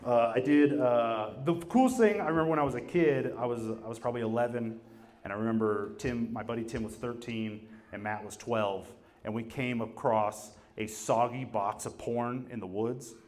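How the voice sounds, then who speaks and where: A young man doing a profane, rambling stand-up set in a gym, with a crowd laughing. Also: a little mellow. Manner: profane, rambling storytelling with quick pitch jumps for quoted voices. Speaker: stand-up comedian. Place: gym with a live audience. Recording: live room with crowd noise. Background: audience laughter.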